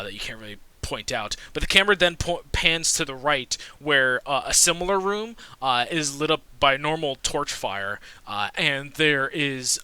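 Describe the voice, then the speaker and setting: A male game master narrating a tabletop game and describing scenes in a loose, meandering way, often circling back mid-sentence. His voice is very bright and tense at a middling pitch. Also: no echo, poor audio. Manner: meandering, descriptive, full of restarts.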